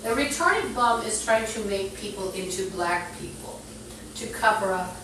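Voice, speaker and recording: A woman's voice: medium pitch, expressive, a little slow, reverberant, very noisy. A woman on a phone live stream, talking in an agitated, rambling monologue full of profanity. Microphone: phone streaming app.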